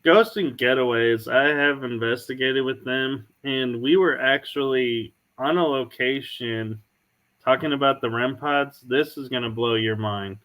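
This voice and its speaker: A man hosting a podcast, telling stories in a casual, unhurried way. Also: medium pitch, a bit bright. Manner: storytelling, unhurried. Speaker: podcast host. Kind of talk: casual chat.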